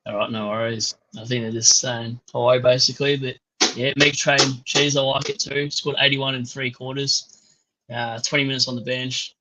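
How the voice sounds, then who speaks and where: An Australian man co-hosting a live stream, easygoing and quick with banter. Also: mid-range voice, flat delivery, noisy background. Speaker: co-host. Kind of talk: casual live stream chat.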